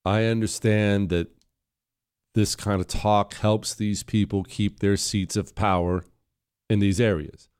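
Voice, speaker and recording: A man's voice: lowish voice, fairly even intonation, slow, a little mellow, smooth. Combative, sarcastic male political commentator.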